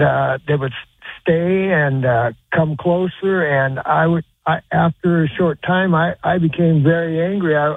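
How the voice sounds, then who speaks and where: An older man rambles through a long story over a thin, phone-like line. His voice is husky and sits fairly high, and he trips over fillers and restarts as he goes. The sound is dry and close. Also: no echo. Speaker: caller. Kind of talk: call-in storytelling. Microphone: telephone.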